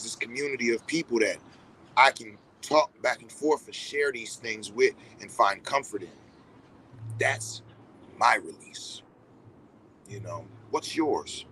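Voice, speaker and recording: A man's voice: medium pitch, a bit bright, a little hiss or hum, rough recording. A man in a reflective casual monologue, speaking directly to his viewers in a conversational, profane way. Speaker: vlogger.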